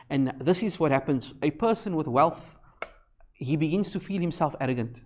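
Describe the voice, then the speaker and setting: A man's voice: fairly high pitch, animated, normal speed, darkish tone. A man giving a Ramadan lecture in a mosque, earnest, reciting Arabic verses and explaining them.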